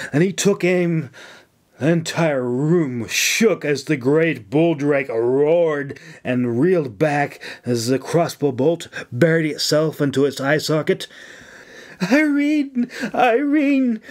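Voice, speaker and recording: A man narrating his own fantasy novel in a slow, dramatic reading. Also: fairly high pitch. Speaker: author and audiobook narrator. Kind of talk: scripted audiobook narration. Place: home sound closet lined with blankets.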